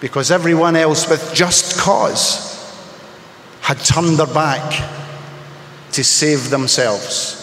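A man sharing his personal story in a candid, emotional, halting way, speaking as a testimony to a gathered audience. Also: a little high, fairly bright tone, slight background noise. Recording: echoey hall with long reverb.

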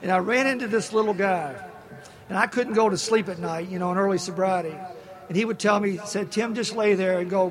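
High-voiced man telling stories to a crowd. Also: moderate pace. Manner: folksy, animated, quotes others in character. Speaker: recovery meeting speaker. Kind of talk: storytelling share to an audience. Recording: live talk with crowd. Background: audience laughter.

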